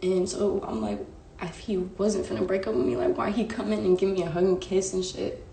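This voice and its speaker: A woman's voice: medium pitch, steady tone, fairly quick, creaky, warm tone, a little hiss or hum. A young woman vlogger telling a personal story casually and emotionally, full of slang and fillers. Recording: echoey room.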